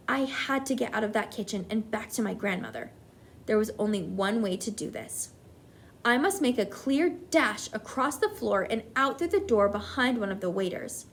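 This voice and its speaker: A woman teacher reading a children's book aloud to her class, with expressive, animated delivery. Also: mid-range voice, moderate pace, a little hiss or hum.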